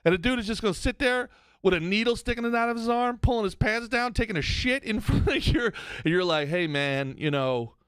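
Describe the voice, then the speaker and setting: A man co-hosting a comedy podcast, ranting in a casual, animated way that swings from loud outbursts to mumbled asides. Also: extremely high pitch, brisk, smooth, no room sound, studio quality. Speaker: podcast co-host.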